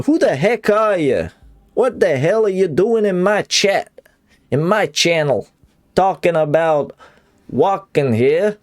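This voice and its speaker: A man's voice: high-pitched, pitched above the performer's own voice. A man doing a brash New York tough guy. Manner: brash, confrontational, shouting-ish. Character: loud, touchy New York man picking a fight.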